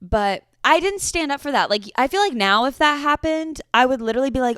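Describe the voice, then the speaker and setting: A woman's voice: high-pitched, lively intonation, brisk, a bit bright, clear, resonant tone, no room sound, studio quality. A woman in her twenties hosting a casual solo podcast, telling stories in a chatty, swearing way. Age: 20s. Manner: chatty storytelling with frequent swearing. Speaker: podcast host.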